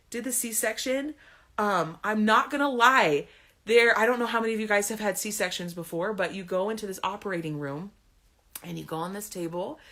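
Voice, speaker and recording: A woman's voice: medium pitch, a bit bright. A woman in her thirties candidly telling a personal story to camera, chatty and emotional, laughing between sentences. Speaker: vlogger.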